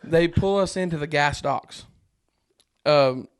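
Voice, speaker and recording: High-voiced man telling an animated story. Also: slow, clear, resonant tone. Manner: animated, acts out quoted voices, frequent laughs. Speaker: podcast guest. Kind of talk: casual storytelling.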